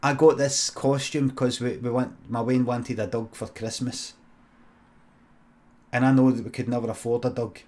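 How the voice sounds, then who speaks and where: A man's voice: mid-range voice, flat delivery, moderate pace, a little mellow, natural voice. A man doing a humble, earnest Scottish dad. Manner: plain-spoken, earnest.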